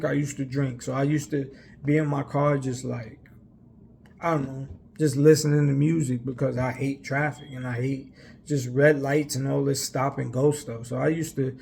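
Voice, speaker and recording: A young man with a gravelly, somewhat high voice tells a personal story in a loose, rambling way. He is emphatic and talks with lots of fillers. Faint noise sits under the recording. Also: a little mellow. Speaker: vlogger. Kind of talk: casual storytelling.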